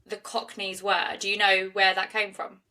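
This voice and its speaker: This woman co-hosts a podcast, casually telling a true-crime story in a loose, chatty way with plenty of restarts. Her medium-pitched voice has a sharp tone and moves at a moderate pace, yet her delivery stays completely flat.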